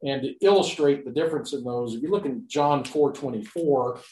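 A man's voice: mid-range voice, a little mellow. Man teaching Bible Greek, echoey room. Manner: halting, frequent fillers and restarts, rhetorical questions. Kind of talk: unscripted Greek grammar lecture.

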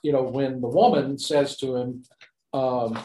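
A man lecturing on scripture grammar in a mid-pitched voice, with a noticeable echo from the room around him. He speaks off the cuff, full of "uh"s and restarts, and checks in with his listeners through rhetorical questions. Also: steady tone, mellow, slight background noise. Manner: halting, frequent fillers and restarts, rhetorical questions. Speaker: Bible teacher. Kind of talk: unscripted Greek grammar lecture.

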